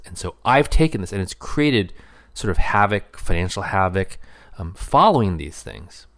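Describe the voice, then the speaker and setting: A middle-aged man speaking earnestly about marriage, thinking aloud with fillers and pauses. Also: deep voice, expressive, fairly bright tone. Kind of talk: reflective personal talk.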